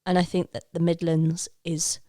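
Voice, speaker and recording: A young woman from Leicester talks with a slightly low voice in casual podcast chat. She jokes, free-associates and laughs often. The recording is dry and close. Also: monotone, moderate pace, dark tone, dry recording. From Leicester, England. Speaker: podcast guest.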